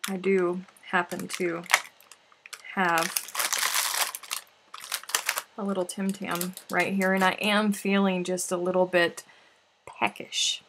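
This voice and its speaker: A woman's voice: lowish voice, level tone, slow pace, pauses often, heavy background noise. A woman hosting a live crafting stream, reading out viewer comments in a playful, chatty way. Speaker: crochet livestream host. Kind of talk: casual live-stream chat.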